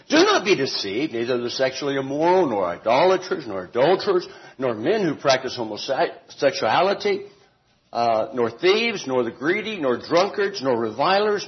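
A man leads a Bible study, speaking slowly and carefully with plenty of deliberate pauses. His pitch swings up and down lively as he stresses each point, and he adds folksy asides and corrects himself as he goes. The recording sounds dull and lo-fi. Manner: deliberate, emphatic, with homely asides and self-corrections. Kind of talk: informal Bible teaching to a group.

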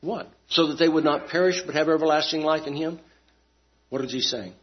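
A man preaching with a somewhat high voice, pressing his points with rhetorical questions. He swings between loud, emphatic lines and quiet, low ones. The recording sounds dull and lo-fi. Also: fairly quick. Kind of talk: sermon.

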